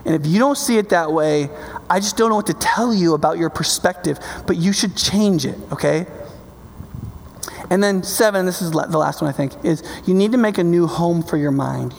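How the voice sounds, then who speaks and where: A man's voice: a little high, gravelly. A male pastor preaching a sermon, talking conversationally, checking in with his listeners, and building to passionate, emphatic peaks. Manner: builds to passionate, loud climaxes. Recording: long reverb of a large hall.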